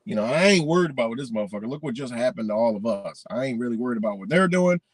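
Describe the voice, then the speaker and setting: A man's voice: mid-range voice, expressive, very fast, slightly rough, no room sound, low-quality recording. A man ranting indignantly in a profane, rambling monologue.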